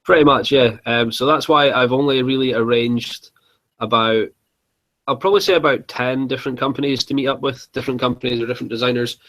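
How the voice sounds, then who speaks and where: A man's voice: medium pitch, fairly quick, fairly bright tone, low-quality recording. Young man, live-chat co-host, chatty and giggly, filler-heavy. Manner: chatty, laughs often, lots of fillers. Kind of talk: casual chat.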